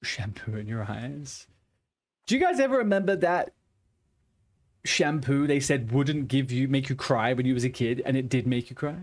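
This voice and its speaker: A man's voice: mid-range voice, fairly even intonation, moderate pace, hardly any pauses. A young man streaming a game, chatting casually with viewers in a joking, rambling way. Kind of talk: casual chat while gaming.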